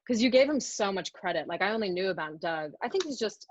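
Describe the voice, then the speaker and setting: A woman's voice: medium pitch, expressive, fast, a little hiss or hum. A woman in a casual chat, telling a story in a chatty way and filling it with "like". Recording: dry, dull lo-fi sound.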